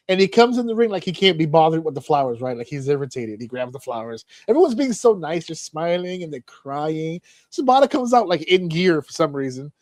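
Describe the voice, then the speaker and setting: In a relaxed podcast chat, the male host tells animated stories full of swearing and shouts he acts out. His pitch is fairly high, and there's no echo.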